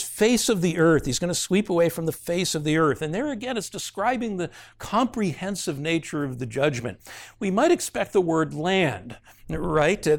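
A man's voice: on the high side, gravelly. Earnest male Bible teacher explaining scripture. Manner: earnest, explanatory, with frequent "uh" fillers and rising emphasis on key words.

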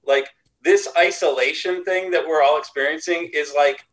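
A man co-hosts a relaxed podcast conversation. He speaks haltingly, starting over and hedging before he lands a point. Nothing about the voice itself stands out. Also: a little high, rough recording. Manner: hesitant, halting. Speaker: podcast co-host. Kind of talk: casual chat.

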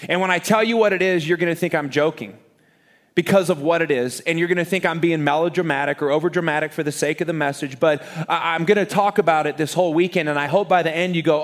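A man, a pastor preaching to a live church congregation, joking and lively with the crowd and turning quiet and earnest when he prays. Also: on the high side, fast. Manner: energetic, joking crowd warm-up, then quiet earnest prayer. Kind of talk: sermon.

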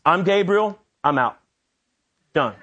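A preacher voicing a proud, laid-back archangel. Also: male voice, high-pitched, lively intonation, slow, fairly bright tone, husky, full character voice. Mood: curt. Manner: laid-back, joking bravado. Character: showy male archangel, casual and proud.

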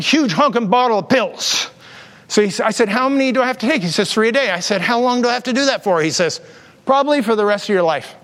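Lively-pitched preacher in a reverberant church. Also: male voice. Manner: animated storyteller, mimics voices in quotes. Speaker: pastor. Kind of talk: sermon with storytelling. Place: church sanctuary with long reverb.

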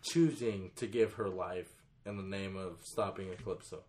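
A man's voice: sits low, fairly even intonation, moderate pace, darkish tone. A man in a casual chat, recapping a comic book story and reading lines aloud. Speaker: comic book discussion co-host.

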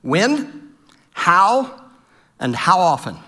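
A middle-aged man delivering a humorous church talk on marriage. His voice sits a little high and sounds bright and forward. He tells stories with self-deprecating humor and acts out each quoted line. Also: sing-song, very slow. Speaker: pastor.

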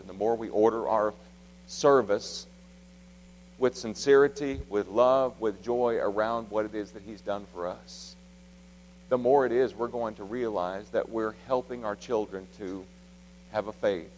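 A man's voice: on the low side, normal speed, a little hiss or hum. Preacher man in a reverberant hall. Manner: shifts from loud emphatic exhortation to soft, hushed storytelling. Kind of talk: sermon. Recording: long reverb of a large hall.

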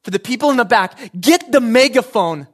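Booming God proclaiming his glory, as a preacher puts him on. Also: expressive, fairly quick. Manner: loud, proclaiming, emphatic.

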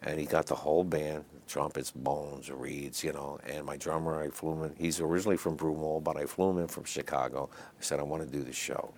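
An older man telling stories in a relaxed, chatty way as an interview guest, with lots of fillers and asides. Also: rumbling low, fairly quick, hardly any pauses. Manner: raspy, chatty anecdotes full of fillers. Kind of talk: storytelling in a casual interview.

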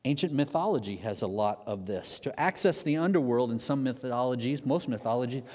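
A man gives a sermon and tells his story in an animated way, sometimes acting out voices. His voice sits at an ordinary male pitch. A long reverb trails after his words, as in a large hall. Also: fairly quick. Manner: animated storyteller, acts out shouted quotes. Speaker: preacher.

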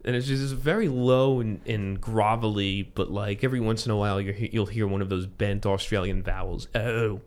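A man's voice: on the low side, fairly even intonation, normal speed, few pauses, a little mellow. A man hosting a casual podcast chat, rambling with asides and restarts. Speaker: podcast host.

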